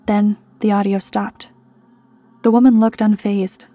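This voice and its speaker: A woman reads a scripted horror story in a measured, even way. Her voice is mellow and warm, with a husky edge. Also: mid-range voice, no echo.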